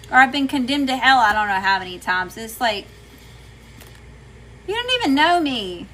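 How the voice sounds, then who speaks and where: A woman's voice: a little high, sharp tone, slight background noise, rough recording. A chatty woman with a Southern US accent, doing a casual livestream tarot reading and greeting her chat. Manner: chatty, folksy, says y'all often.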